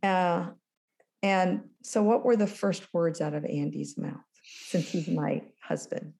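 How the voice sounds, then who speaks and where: A woman in her sixties, a guest in an interview, telling a story with lively acted-out dialogue. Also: lowish voice, slow, vocal fry. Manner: animated storyteller, acts out dialogue. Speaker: guest, former business school lecturer.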